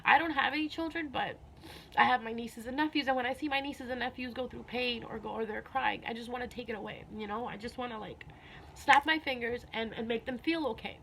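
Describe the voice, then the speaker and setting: A spiritual vlogger with a gravelly, fairly bright, higher-pitched voice talks briskly to camera, with a little hiss or hum in the recording. Earnest and a little emotional, she speaks heartfelt to her viewers in a casual vlog, repeating herself and saying "you know" a lot.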